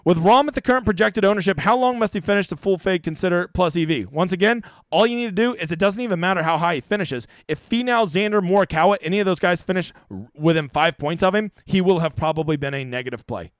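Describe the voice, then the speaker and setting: A man's voice: sits high, quick pace, hardly any pauses, no echo, clean studio sound. A man hosting a casual live-stream Q&A, reading viewer questions aloud and answering them bluntly, with the odd swear word. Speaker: fantasy golf streamer.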